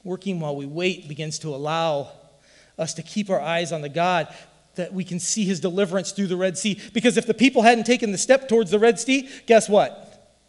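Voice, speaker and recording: Emphatic high-voiced male preacher. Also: a little fast, in a large hall. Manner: emphatic and folksy, with rhetorical questions. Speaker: pastor. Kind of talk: sermon.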